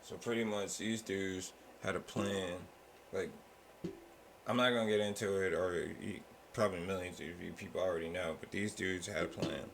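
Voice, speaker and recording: Gravelly low-voiced man in casual chat. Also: steady tone, normal speed, a bit bright, a little hiss or hum. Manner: loose, profane storytelling with acted-out quotes. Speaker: podcast host.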